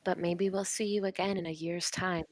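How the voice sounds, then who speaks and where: A woman's voice: lowish voice, fairly even intonation, no echo, lightly acted, low-quality recording. Woman as a formal priestess's envoy. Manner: measured, formal and persuasive.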